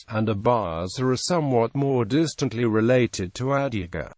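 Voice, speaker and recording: A machine-like male voice reading an encyclopedia article in a flat, mechanical way, with odd pronunciations. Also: on the low side, no room sound. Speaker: narrator.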